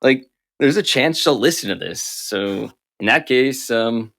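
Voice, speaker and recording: A man's voice: mid-range voice, animated, unhurried, vocal fry, fairly bright tone. A man co-hosting a podcast in casual comedic chat, joking around and slipping into mock-formal phrasing. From United States. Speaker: podcast co-host.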